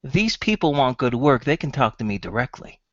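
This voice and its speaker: A man's voice: mid-range voice, big pitch swings, fairly quick, no room sound, highs cut off, natural voice. A man voicing a blunt, scolding middle-aged shop owner who is a stern father.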